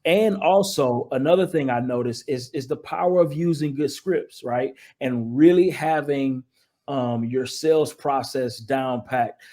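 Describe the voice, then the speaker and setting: Smooth-voiced man with a late-night DJ sound. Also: medium pitch, a little slow, dark tone. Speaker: guest, investor. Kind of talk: casual interview.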